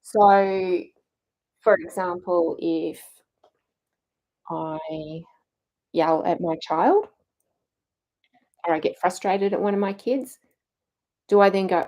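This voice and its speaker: A woman's voice: on the low side, steady tone, slow, long pauses, a little mellow, low-quality recording. A middle-aged woman coaching a challenge group on mindset, earnest and encouraging, acting out inner self-talk.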